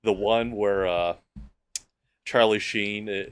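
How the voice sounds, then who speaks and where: Relaxed low-voiced podcast man. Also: takes it slowly, smooth. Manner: relaxed recounting of movie scenes. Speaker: podcast co-host. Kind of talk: casual chat.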